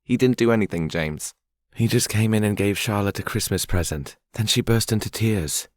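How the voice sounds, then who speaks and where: A man's voice: lowish voice, moderate pace, darkish tone, no echo, studio quality, pitched above the performer's own voice, lightly acted. A man voicing an earnest young woman, insistent and protective of a friend.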